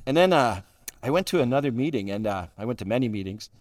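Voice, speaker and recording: A man's voice: medium pitch, expressive, fast talker, a little mellow. A middle-aged man tells his own story to a gathering in a wry, self-deprecating way. He keeps a dry sense of humour and chuckles at his own jokes between lines. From Calgary, Canada. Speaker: guest speaker at a recovery roundup. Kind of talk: humorous personal storytelling talk.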